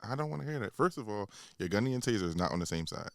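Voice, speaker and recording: A man's voice: lowish voice, expressive, very fast, gravelly, no echo. A man co-hosting a podcast in casual chat, arguing point by point and laughing often. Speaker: podcast co-host.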